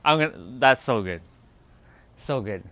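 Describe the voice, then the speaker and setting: Male streamer, casual musing chat, slow pace. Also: mid-range voice, expressive, gravelly, fairly bright tone, dry recording. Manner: laid-back, musing, quick to laugh. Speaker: livestream host.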